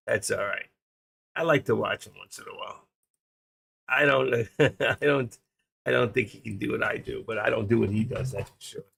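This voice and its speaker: This is an older man whose voice is heavily gravelly and husky. He hosts a live trading stream in a rambling, joking way, often thinking aloud as he works. The pitch sits at an ordinary middle level. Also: steady tone, moderate pace, long pauses, a bit bright. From New York. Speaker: stream host, trader. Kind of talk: casual live-stream chat.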